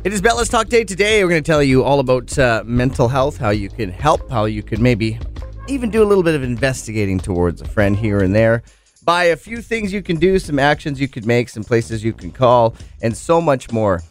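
A talkative man co-hosting a morning radio show, his voice swinging lively up and down as he rambles through casual banter. Faint music plays softly underneath him. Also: mid-range voice, fairly quick. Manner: chatty, animated, lots of fillers.

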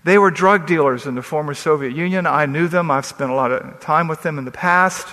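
A man's voice: a little high, a little fast, bright, forceful tone. A man preaching as a pastor, reading scripture and telling stories with emphatic delivery. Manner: emphatic, storytelling with quoted dialogue. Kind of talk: sermon. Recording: long reverb of a large hall.

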